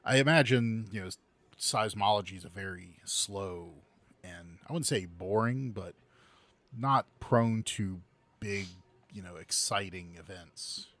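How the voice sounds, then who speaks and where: A man co-hosting a podcast, chatting casually and haltingly, full of "you know.". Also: on the low side, fairly bright tone. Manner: halting, filler-heavy. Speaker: podcast co-host. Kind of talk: casual chat.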